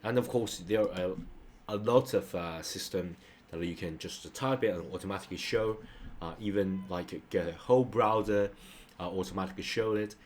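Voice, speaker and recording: A man's voice: low-pitched, normal speed, a little hiss or hum. A man teaches a casual online lesson, talking loosely and ending his points with a checking "okay?". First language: Mandarin. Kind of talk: casual screen-share lesson.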